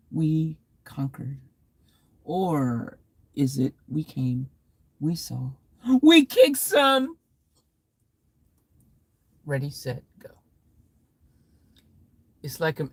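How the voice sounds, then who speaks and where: A woman vlogger jokes around and says goodnight to her viewers from her parked car. Her low voice has a gravelly rasp, and she takes her time. She is recorded on a phone. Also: a little mellow, no echo. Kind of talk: casual livestream chat. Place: inside a parked car at a gas station at night.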